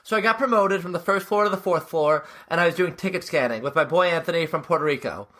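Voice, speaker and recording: A young man with a high, bright voice tells stories in quick, animated bursts on a casual podcast. He talks like he is chatting with a close friend. His tone stays light and lively. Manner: fast, animated storytelling. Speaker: podcast co-host. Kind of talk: casual chat.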